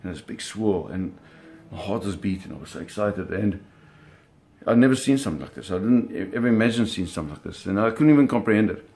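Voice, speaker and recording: A man telling a personal story in an animated, vivid way, often restarting his phrases. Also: on the low side, fast talker, soft background music.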